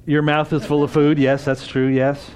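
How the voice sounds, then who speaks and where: A man's voice: a little high, little pitch movement, moderate pace, darkish tone. A man giving an interactive church talk at a conference, speaking casually and putting questions to the audience. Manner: conversational, asks the audience questions.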